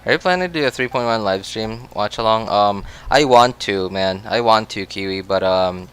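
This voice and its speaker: A man's voice: fairly low pitch, moderate pace, fairly bright tone, clear, resonant tone, soft background music. A man chatting casually on a game livestream, rambling with many restarts and frequent laughs. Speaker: game streamer.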